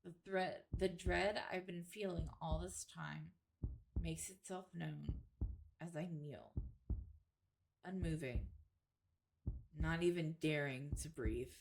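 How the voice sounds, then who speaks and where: A woman streamer reading a horror game aloud in first person, with casual, expressive asides and the occasional swear. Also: deep voice, takes it slowly, creaky, long pauses, low-quality recording.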